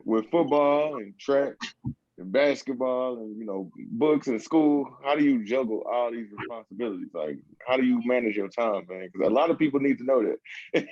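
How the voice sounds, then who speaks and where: A man of middle pitch asks questions in a relaxed, casual way. His audio sounds dull and muffled, with a faint hiss and some clicks behind it. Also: normal speed. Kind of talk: casual podcast chat.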